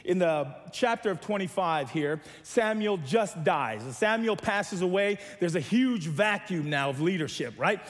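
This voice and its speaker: A man with a notably high voice preaches to his church, telling funny stories and asking the congregation to answer back. His voice trails off in a long reverberant echo, as though the room is a large sanctuary. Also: lively intonation, a little slow, few pauses. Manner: preaching with humor and call-and-response to the church. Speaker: pastor. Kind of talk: sermon.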